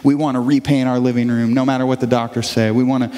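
A male pastor preaching a conversational sermon, animated and telling stories, acting out the voices of the people in them. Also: mid-range voice, quick pace. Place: church sanctuary. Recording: long hall reverb.

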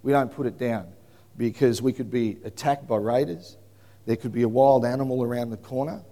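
A man preaching a sermon in an animated storytelling manner that bursts into shouting. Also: medium pitch, fairly quick. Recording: long hall reverb.

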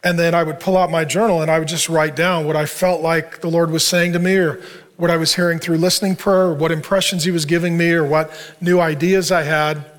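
Middle-aged male pastor, slightly higher voice, earnest and conversational, giving a sermon to a men's group. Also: flat delivery, fairly quick.

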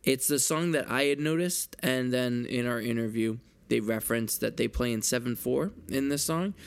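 Gravelly-voiced man reviewing an album. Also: mid-range voice, normal speed. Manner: upbeat and enthusiastic, explains things plainly. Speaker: podcast co-host. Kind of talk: casual music review chat.

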